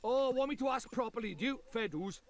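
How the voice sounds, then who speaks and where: A brash Welsh fairy lord. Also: male voice, extremely high pitch, lively intonation, a little fast. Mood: chatty. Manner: sing-song, brash, rambling. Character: cheeky little male fairy lord, boastful and chatty. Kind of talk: video game voice acting.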